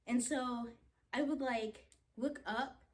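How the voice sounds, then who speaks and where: Animated young woman telling a story. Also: on the high side, slow. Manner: animated, dramatic retelling with many "like"s. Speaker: vlogger. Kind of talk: storytime chat while getting ready.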